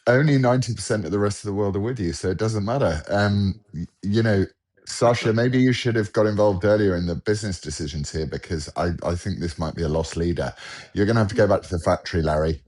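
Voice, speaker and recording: A man's voice: fairly low pitch, fast, a little mellow. An English man with a British accent, co-hosting a podcast over a video call in a joking, self-deprecating, bantering way. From England. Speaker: podcast co-host. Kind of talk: casual chat on a video call.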